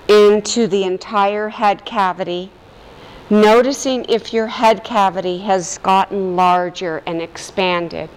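A woman teacher leading a guided vocal meditation in a calm, gently instructive way. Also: medium pitch, smooth, long reverb tail, rough recording. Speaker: voice and breath teacher.

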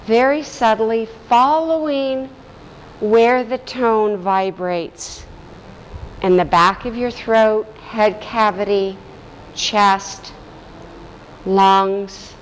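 A woman teacher leading a guided vocal meditation in a calm, gently instructive way. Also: mid-range voice, extremely slow, in a large hall, a little hiss or hum, rough recording. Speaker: voice and breath teacher.

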